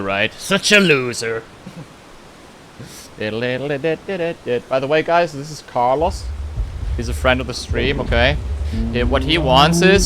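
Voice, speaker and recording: A man streams a game and chats casually with viewers, reading chat aloud and humming between lines. He's playful and sings nonsense, his mid-range voice a bit bright. There's slight background noise and faint music behind him.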